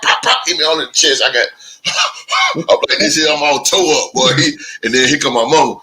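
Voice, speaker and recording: A man hosting a podcast, telling stories in a casual chat with animated delivery and big laughs. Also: a little high, low-quality recording. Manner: animated storytelling, drawn-out laughs. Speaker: podcast host.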